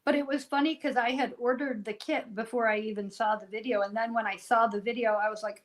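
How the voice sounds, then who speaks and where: Chatty, excitable woman, higher voice. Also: a little fast, hardly any pauses, low-quality recording. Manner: chatty, laughs often, excitable. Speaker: co-host of a crochet livestream. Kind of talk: casual chat and crochet instruction.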